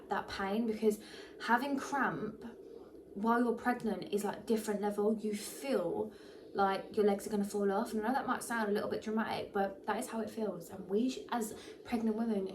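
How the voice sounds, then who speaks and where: A young pregnant woman, chatting casually to camera, animated and full of fillers, a little short of breath. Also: mid-range voice, moderate pace, distant mic, a little hiss or hum. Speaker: vlogger.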